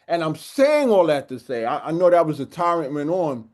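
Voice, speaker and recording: A middle-aged man co-hosting a casual panel discussion, retelling a story in an animated, blunt and profane way. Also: on the high side, normal speed, few pauses. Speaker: co-host and youth club leader.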